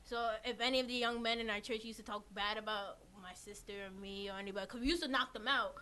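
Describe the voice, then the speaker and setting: A woman's voice: fairly high pitch, steady tone, fast talker, sharp tone. A teenage girl hosting a school radio show in casual chat, laughing often and trailing off mid-sentence. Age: teens. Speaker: student radio host.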